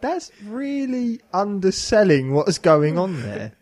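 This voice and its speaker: A man's voice: high voice, big pitch swings, slow pace, a little mellow. A man hosting a casual podcast, reading a Bible passage with lots of self-mocking laughter. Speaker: podcast host.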